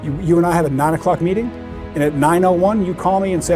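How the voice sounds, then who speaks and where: A man's voice: high voice, fast, music in the background. A man in his forties from Boston with a faint Boston accent, talking directly and emphatically as a podcast guest. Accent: American, faint Boston. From Boston, USA. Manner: direct, emphatic, many restarts. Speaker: guest, private equity banker. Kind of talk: casual podcast chat.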